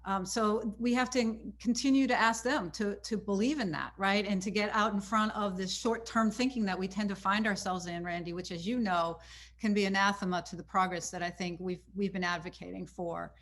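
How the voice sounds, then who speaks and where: A woman's voice: mid-range voice, fairly even intonation, brisk, a bit bright. Earnest woman speaking on a panel. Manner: earnest, emphatic, frequent "right?" tags. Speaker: panel guest. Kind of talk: panel discussion remarks.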